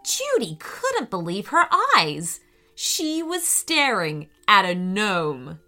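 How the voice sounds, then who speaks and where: A woman narrating a children's story in a slow, expressive way. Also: medium pitch.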